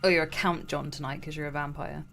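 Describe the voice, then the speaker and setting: A woman co-hosting a casual gaming livestream, chatty and quick to laugh. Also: deep voice, fairly even intonation, creaky, fairly bright tone, faint music behind. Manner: giggly, chatty, laughs often. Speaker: stream co-host. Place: gaming livestream with game music behind.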